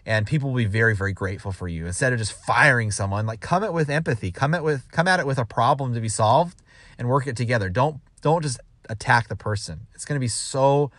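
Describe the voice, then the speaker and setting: Male sales manager, casual advice talk, rambling delivery with quoted asides, mid pitch, dry recording. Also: quick pace, fairly bright tone, no echo. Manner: rambling with restarts, acts out quoted dialogue.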